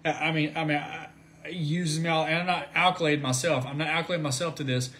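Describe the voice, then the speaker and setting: A man giving an informal Bible study talk, animated, often repeating words and rising to near shouts at high points. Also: quick pace, a little hiss or hum. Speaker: Christian video preacher.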